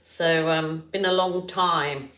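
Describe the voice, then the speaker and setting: Slow, chatty Birmingham-accented woman. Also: deep voice, steady tone, a bit bright, echoey room. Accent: Birmingham English. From England. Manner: chatty and rambling, many fillers. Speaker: art tutorial host. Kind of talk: casual painting tutorial.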